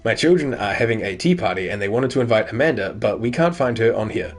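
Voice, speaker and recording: A man voicing an awkward figure writing a fake friendly note, pitched a little higher and delivered stiffly and woodenly. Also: expressive, fast, faint music behind.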